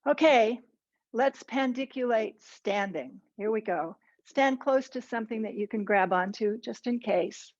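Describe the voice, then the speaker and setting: A woman teaching posture and balance, giving calm, encouraging step-by-step movement cues. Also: fairly high pitch, unhurried, echoey room, lo-fi sound. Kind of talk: guided movement instruction.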